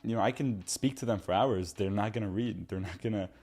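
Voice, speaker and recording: A man's voice: fairly low pitch, fairly quick, faint music behind. A man in his twenties giving a casual, earnest motivational talk to viewers, now and then mocking others in a put-on voice. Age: 20s. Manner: earnest, animated, talks to viewer as "bro"; mocks friends in put-on voices. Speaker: self-improvement video host.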